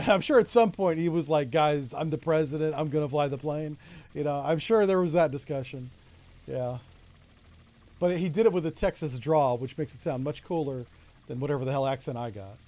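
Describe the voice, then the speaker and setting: A middle-aged streamer from Florida, with a Florida accent, casually commentates on a naval strategy game while chatting and joking with viewers. His voice is a little high and mellow, at a moderate pace, and he often makes joking asides to chat.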